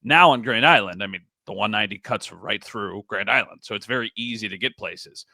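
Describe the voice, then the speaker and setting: A man's voice: on the low side, brisk, gravelly, bright, forceful tone, dry recording, clean studio sound. A young man, co-hosting a casual sports podcast in a loose, conversational way. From Western New York. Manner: conversational, frequent "like" fillers. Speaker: podcast co-host.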